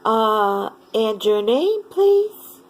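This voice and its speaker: A woman's voice: fairly high pitch, big pitch swings, drawn-out words, heavily acted, poor audio. A woman imitating a polite, scripted female call-center agent who repeats her lines. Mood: mechanically polite.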